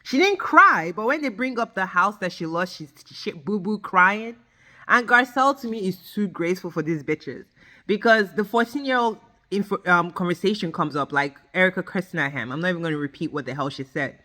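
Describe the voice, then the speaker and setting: Brisk and lowish-voiced, a woman reality TV reviewer rants through a show recap. Her style is emphatic, animated and blunt, with free swearing and direct address to viewers.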